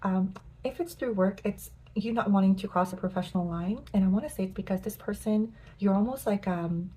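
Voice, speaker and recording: A young woman giving a pick-a-card tarot reading, gentle and affirming, with many filler words. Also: medium pitch, fairly quick, slightly rough. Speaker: tarot reader.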